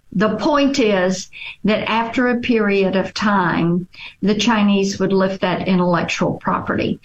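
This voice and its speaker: A middle-aged woman speaks very slowly and deliberately, building her points through long lists of repeated phrases. Her voice sits at an ordinary pitch for a woman. The recording sounds dull and lo-fi. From Tennessee. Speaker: politician guest. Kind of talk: interview answers.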